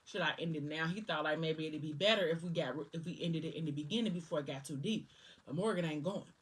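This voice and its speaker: A woman's voice: low-pitched, fast, slightly rough, distant mic. A woman casually recapping a novel's scenes while eating, slipping into the characters' lines with "he was like" and "she was like". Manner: retells scenes loosely, quoting characters with "he was like". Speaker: book vlogger.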